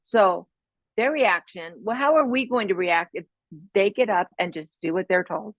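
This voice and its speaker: A woman's voice: mid-range voice, normal speed, dry recording, dull audio. A woman hosting a parenting podcast in a casual, chatty way, often adding "right?" and laughing as she talks. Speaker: podcast host.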